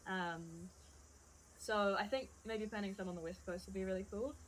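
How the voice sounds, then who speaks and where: A woman's voice: medium pitch, fairly even intonation, moderate pace, a little hiss or hum, rough recording. A young woman, chatting casually as an interview guest about hiking, with many fillers and frequent laughs. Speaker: guest, hiker.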